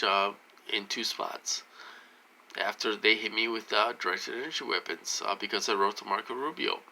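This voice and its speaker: A man talking in a rambling personal monologue, halting and repetitive, full of fillers and restarts, insistent and aggrieved. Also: on the low side, pushed and bright, low-quality recording. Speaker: vlogger.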